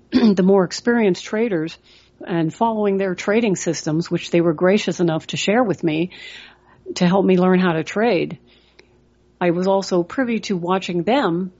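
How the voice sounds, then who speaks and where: On her trading podcast, a middle-aged woman talks in a fairly low, darkish voice, and the recording's highs are cut off. The coach tells stories and motivates earnestly, using many "you know" fillers.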